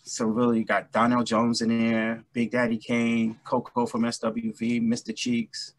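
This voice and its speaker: A middle-aged man from New York City, a guest musician chatting casually and telling animated stories. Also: mid-range voice, a little slow, gravelly, dry recording. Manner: chatty, storytelling, animated anecdotes. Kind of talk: casual interview chat.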